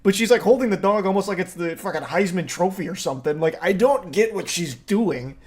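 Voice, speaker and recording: A man's voice: high-pitched, expressive, a little fast, slightly rough. A man giving sarcastic, joking reaction commentary, swearing now and then.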